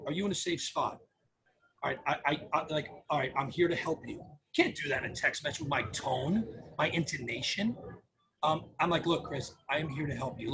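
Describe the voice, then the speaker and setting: A man speaking as a guest in a casual interview, energetic and quick to restart his sentences as he acts out calls with clients. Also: sits high, a little hiss or hum, poor audio. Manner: energetic, restarts often, acts out caller dialogue. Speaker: podcast guest, phone number company founder.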